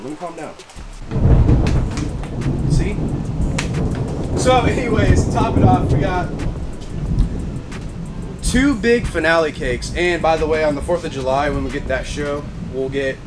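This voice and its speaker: A man showing off his gear in a casual vlog, excitable and slangy, repeating catchphrases and whooping. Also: on the high side, unhurried, pauses often. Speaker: fireworks vlogger. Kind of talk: casual show-and-tell vlog. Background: background music.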